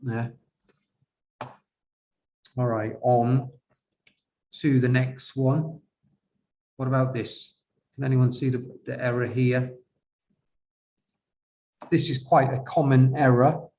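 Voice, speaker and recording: Slow-talking man correcting an essay. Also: medium pitch, flat delivery, mellow, slight background noise. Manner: slow, hesitant, questions to viewers. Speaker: IELTS examiner teaching writing. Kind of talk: classroom-style essay correction.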